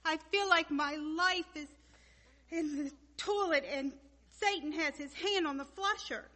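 Young woman crying while she prays, super high voice, asking why over and over. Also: unhurried, pushed and bright. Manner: tearful, self-pitying, repeating why questions. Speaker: praying woman in a skit. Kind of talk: tearful comic monologue prayer.

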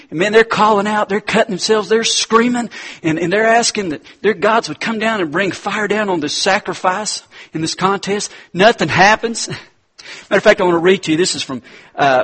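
A man preaching in a relaxed, conversational way, calling his listeners "guys". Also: on the high side, slightly rough. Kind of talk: conversational sermon.

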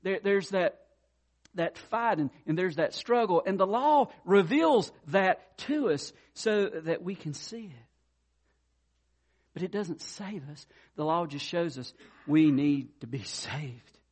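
A pastor with a high-pitched, animated, darkish voice speaks slowly, preaching a conversational, direct sermon. He tells stories to make his point and addresses the congregation straight on.

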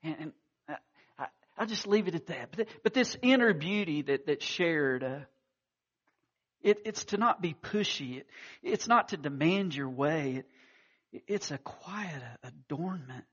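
Husky-voiced man preaching a sermon. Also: on the high side, lively intonation, unhurried, a bit bright, highs cut off. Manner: storytelling with acted quotes, many restarts. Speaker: pastor.

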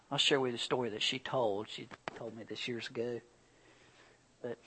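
A middle-aged man preaching a sermon and telling personal stories, swinging from loud, animated bursts to quiet, earnest passages. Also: mid-range voice, husky, low-quality recording. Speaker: pastor.

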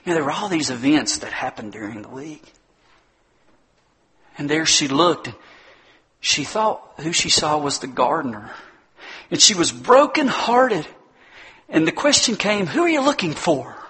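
Man, pastor, sermon, raspy, bright tone, rhetorical questions. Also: fairly high pitch, sing-song, a little slow, long pauses. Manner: emphatic, rhetorical questions, addresses listeners as guys.

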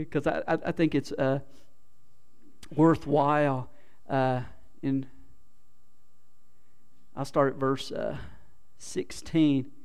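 A man preaching a sermon, swinging from quiet muttering to loud exclaiming and often restarting phrases. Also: a little high. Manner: repeats words, restarts phrases. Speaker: pastor.

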